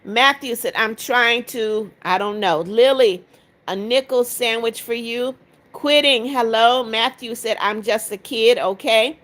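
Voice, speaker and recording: A woman's voice: on the high side, measured pace, fairly bright tone. A woman in her seventies hosting a live stream, reading out viewers' comments and greeting them one by one in a motherly way. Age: 70s. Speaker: livestream host.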